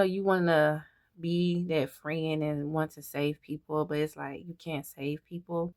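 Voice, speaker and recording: A woman beauty vlogger talking to camera in a halting personal monologue, often repeating herself and trailing off. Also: low voice, no room sound, clean studio sound.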